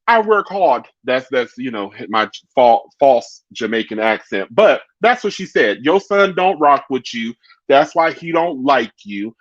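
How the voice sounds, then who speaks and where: Slow-talking chatty male show host. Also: mid-range voice, no room sound, muffled recording. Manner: chatty and animated, addresses viewers' comments directly. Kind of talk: casual chat show commentary.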